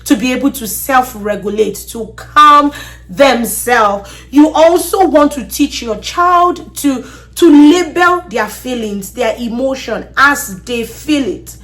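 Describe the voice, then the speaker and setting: An earnest woman with a slightly high voice hosts a talk on parenting advice. She repeats words as she thinks and often stops to check in with a quick "okay?". Her delivery is steady and instructive. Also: soft background music. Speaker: podcast host.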